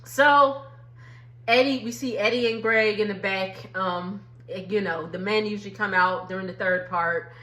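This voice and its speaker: A woman's voice: medium pitch, steady tone, normal speed, pushed and bright, roomy sound. A woman, chatting casually through a TV recap and laughing as she acts out quotes. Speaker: reality TV recap YouTuber.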